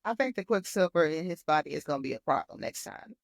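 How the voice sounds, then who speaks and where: A woman co-host in a casual book podcast, speaking in a somewhat low voice. She sounds relaxed and agreeable, often chiming in briefly. The recording is dry and close. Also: fast, gravelly, dry recording. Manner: relaxed, agreeable, short backchannel replies.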